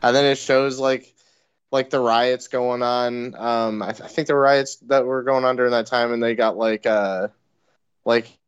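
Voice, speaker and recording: A man's voice: mid-range voice, fairly even intonation, unhurried, clean tone, no room sound. Chill young guy chatting, swears a lot, dull dry audio. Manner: laid-back, reacting with swear words. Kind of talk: casual chat.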